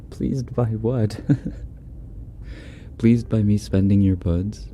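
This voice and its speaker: A man hosting a livestream in a soft-spoken, laid-back way, reading chat messages and chuckling often. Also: fairly low pitch, steady tone, extremely slow, a little hiss or hum. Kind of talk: casual live chat.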